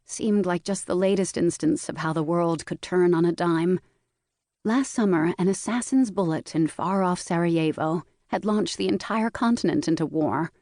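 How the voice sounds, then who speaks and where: A woman narrating a historical mystery audiobook in a measured storytelling manner, recorded in a booth. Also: fairly low pitch, warm tone, dry recording, clean studio sound. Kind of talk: scripted narration.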